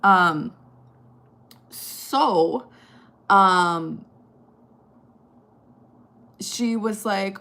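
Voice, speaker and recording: A woman's voice: extremely slow, pauses often. Profane, rambling woman telling a story. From Chile, raised in the United States. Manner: rambling, profane, lots of fillers; gets loud and high when outraged. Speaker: storytime vlogger. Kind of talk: casual storytime chat.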